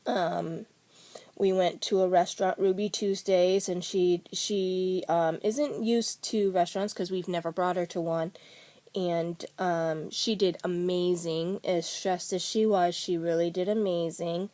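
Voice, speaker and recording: A woman's voice: lowish voice, fairly even intonation, a little slow, mellow, no echo. A middle-aged woman vlogger telling a family story in a rambling, casual way, with many fillers and restarts.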